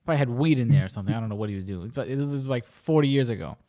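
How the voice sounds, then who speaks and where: Animated man telling a story. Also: mid-range voice, rapid-fire. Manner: animated, acts out other people's voices. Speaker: podcast host. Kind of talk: casual storytelling.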